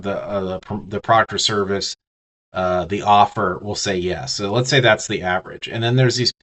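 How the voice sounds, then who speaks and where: A man's voice: on the low side, a bit bright. A man teaching business communication in a casual lecture, talking straight to the listener with frequent restarts and fillers. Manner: conversational, many restarts and fillers, talks to the listener directly. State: has the hiccups.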